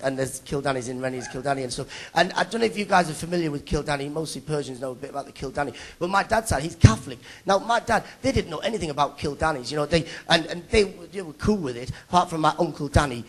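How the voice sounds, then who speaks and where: A young man from Middlesbrough, doing a live stand-up set on stage and bantering teasingly with the audience. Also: on the high side. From Middlesbrough, England. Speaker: stand-up comedian. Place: stage at a live awards show.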